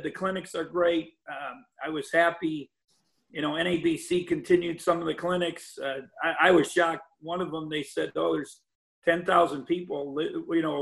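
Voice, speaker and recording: A man's voice: a little high, creaky, a bit bright. An older man, a college basketball head coach, talking in a rambling podcast interview with lots of restarts and fillers. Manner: rambling, many restarts and "you know" fillers. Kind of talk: podcast interview over a call.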